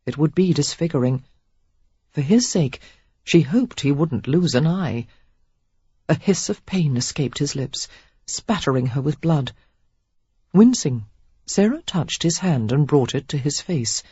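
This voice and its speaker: Woman narrator, audiobook, breathy voice, animated pitch, dry muffled sound. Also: unhurried, long pauses, no echo. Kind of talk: scripted narration.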